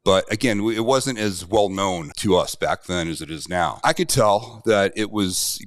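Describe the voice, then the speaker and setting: Middle-aged male self-defense host, very low voice, dry close recording, emphatic plain talk. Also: normal speed, no room sound. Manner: emphatic, conversational, repeats key points. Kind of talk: direct-to-camera commentary.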